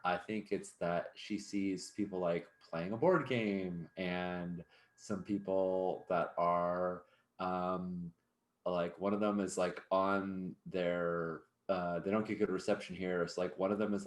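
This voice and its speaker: A man playing a tabletop game, describing his character slowly with many fillers. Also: low voice, echoey room. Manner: slow, searching, many fillers. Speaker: player. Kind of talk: tabletop role-play.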